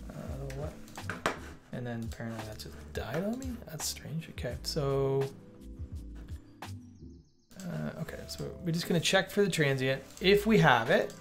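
Gravelly-voiced male dev instructor, casual and self-correcting, over quiet background music. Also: medium pitch, lively intonation, a little slow, long pauses. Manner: thinking aloud, self-correcting, chatty asides to the viewer. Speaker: developer teaching coding on a livestream. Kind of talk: casual live coding walkthrough. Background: faint music.

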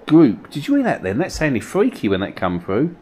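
Male ghost-hunt host, animated delivery, uneasy coaxing questions, old mill cellar. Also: mid-range voice, moderate pace, husky. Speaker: paranormal investigator host. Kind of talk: ghost-hunt vlog, calling out to spirits.

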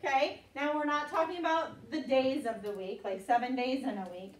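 A woman with a high-pitched voice talks at normal speed while teaching children vocabulary. As an elementary school teacher in her classroom, she patiently drills every word in call-and-response and repeats it often. The room echoes, and her voice sounds distant.

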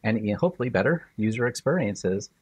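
A man working as a user experience consultant, explaining his job in an even way on a podcast. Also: fairly low pitch, quick pace, husky, no echo. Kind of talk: casual podcast interview.

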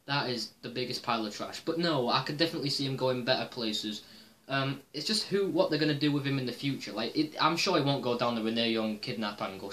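In a fairly bright, mid-range voice, a man vlogs about wrestling, offering his takes in a loose, profane ramble peppered with frequent "um"s.

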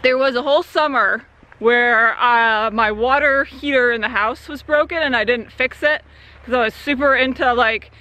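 A woman's voice: a little high, normal speed, bright, forceful tone. A young woman from Central Arizona, talking casually in a rambling vlog by a creek swimming hole, with many fillers. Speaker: vlogger. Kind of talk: casual outdoor vlog talk.

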